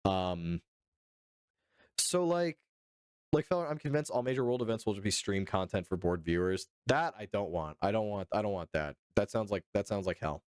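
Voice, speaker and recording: A man from the United States talks casually on his live stream, swearing freely and joking as he answers chat. His voice sits fairly low with a smooth, clear tone. The sound is dry and close. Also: expressive, normal speed, a little mellow, dry recording.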